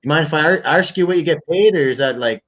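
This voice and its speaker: A man's voice: on the high side, quick pace, a bit bright, lo-fi sound. A man hosting a late-night call-in chat, talking in a profane, rambling, joking way. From Canada. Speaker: host. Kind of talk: casual chat.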